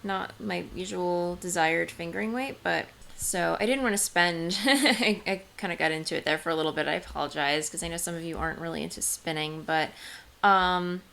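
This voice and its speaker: Woman, home craft vlog host, casual rambling chat, gravelly fry, faint background noise. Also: on the low side, normal speed, a bit bright. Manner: chatty, rambling, many ums and restarts. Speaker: knitting podcast host. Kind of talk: casual show-and-tell vlog. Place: home, seated indoors.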